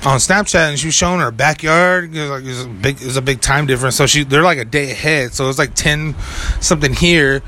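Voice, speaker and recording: A man's voice: medium pitch, fast talker, pushed and bright, slight background noise. A young man telling a rambling story in casual chat, full of filler words and swearing. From California. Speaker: podcast co-host.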